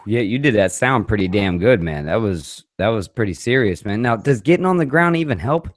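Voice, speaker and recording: A man's voice: on the low side, expressive, brisk. A man hosting a podcast, reacting casually and swearing in amazement as he talks with his guest. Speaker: podcast host. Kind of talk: casual interview.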